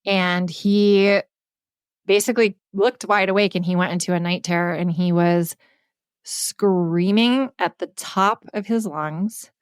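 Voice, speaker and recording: A woman's voice: fairly low pitch, steady tone, unhurried, clear, resonant tone, dry recording, studio quality. A woman in her thirties, co-hosting a podcast, candidly retelling a story with casual swearing. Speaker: podcast co-host.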